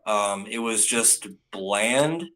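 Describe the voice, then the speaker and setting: A man's voice: fairly low pitch, very slow, bright, forceful tone, rough recording. A man giving a casual, rambling spoken recap of anime episodes, full of ums and restarts.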